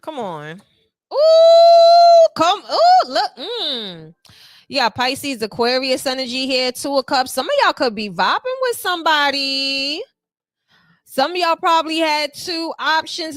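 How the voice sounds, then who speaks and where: Sassy woman doing a tarot reading, high voice, dry close mic, slangy and playful. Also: normal speed, bright, forceful tone, no echo. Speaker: tarot reader.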